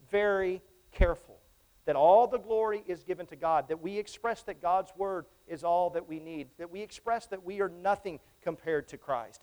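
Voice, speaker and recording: High-voiced man preaching a sermon. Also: a little mellow. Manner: emphatic, repeats phrases, asks the congregation questions. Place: church.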